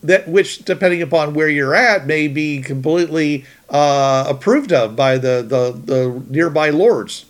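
Male co-host, slightly higher-pitched; easygoing, thinks out loud while listing ideas. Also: measured pace, few pauses. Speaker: podcast co-host. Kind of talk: casual podcast chat.

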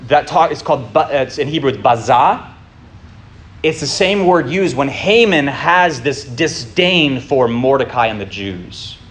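A man's voice: mid-range voice, expressive, unhurried, fairly bright tone. Man teaching scripture in a casual way. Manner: asks the listeners rhetorical questions; informal, with fillers and restarts. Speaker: Bible study teacher. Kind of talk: conversational Bible teaching.

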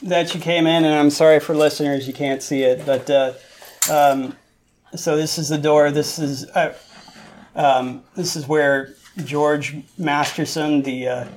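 A man's voice: fairly high pitch, steady tone, unhurried, a little hiss or hum. A man narrating as game master, rambling with many fillers.

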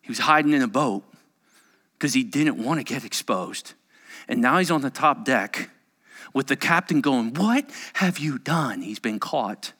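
Pastor, middle-aged man, lively sermon delivery, bright ringing voice. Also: medium pitch, unhurried. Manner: animated, acts out quotes in varied voices.

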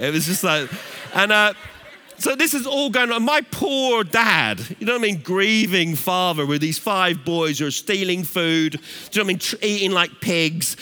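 A middle-aged English man preaching a sermon, telling a funny family story in a playful, animated way. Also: high-pitched. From England. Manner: animated, playful, laughs at his own stories. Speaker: pastor.

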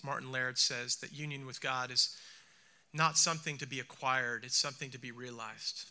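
A man preaching a reflective sermon who slows down and softens his voice for emphasis. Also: medium pitch, steady tone. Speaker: speaker.

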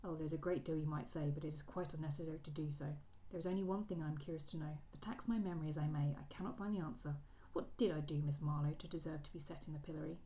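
A woman reading the lines of a cold, proud Regency gentleman, in a quiet, clipped delivery. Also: low-pitched, steady tone, fast, few pauses, a little hiss or hum, natural voice, low-quality recording.

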